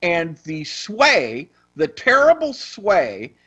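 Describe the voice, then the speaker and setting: A man's voice: high-pitched, huge pitch swings, drawn-out words, sharp tone, slightly rough. A man co-hosting a radio talk show, speaking to listeners in a wry, mocking way. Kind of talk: casual radio talk banter. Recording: dull lo-fi radio broadcast.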